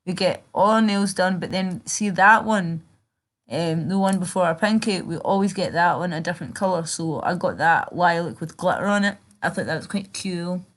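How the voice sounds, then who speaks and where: A woman's voice: on the low side, moderate pace. A young British woman chatting casually on a livestream, chatty and sweary, reading and answering her chat. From Britain. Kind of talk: casual live-stream chat.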